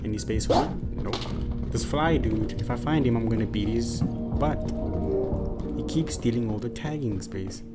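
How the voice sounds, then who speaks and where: Casting: man, gaming YouTuber, playful and jokey, mid-pitched, over loud game music. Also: normal speed. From South Africa. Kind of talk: let's play commentary.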